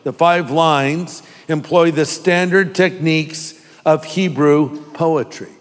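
A man pastor from California preaching a sermon with humor, joking asides and quick impressions. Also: a little high, long reverb tail.

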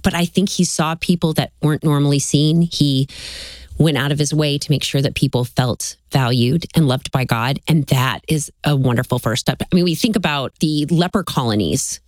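Texas-born lady telling faith stories, folksy and lively, dry sound. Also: sits low, normal speed, no room sound. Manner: animated, storytelling, folksy. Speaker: guest author. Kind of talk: faith talk show chat.

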